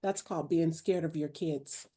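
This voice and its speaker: A woman's voice: sits low, moderate pace, dark tone. A woman co-hosting a casual chat, mostly giving short replies and dry remarks. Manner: brief interjections and dry remarks. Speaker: co-host and minister.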